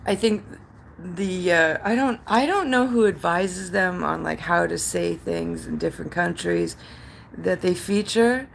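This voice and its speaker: A woman's voice: fairly low pitch, measured pace, vocal fry, slight background noise. A Canadian woman streaming live, chatting with her viewers in a rambling, filler-heavy way and reacting to chat comments. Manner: reads out chat comments and replies. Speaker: livestream host.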